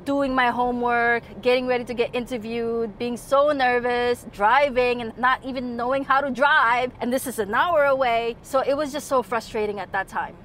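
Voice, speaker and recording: A woman in her thirties from New York, telling a story in a casual, animated chat, swearing and laughing freely. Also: fairly high pitch, moderate pace, few pauses, slight background noise. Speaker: nurse and podcast host.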